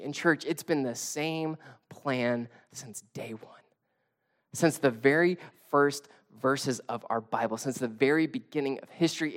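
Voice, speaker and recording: A man in his thirties preaching a conversational sermon as a pastor, telling stories with casual, self-deprecating humor. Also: a little high.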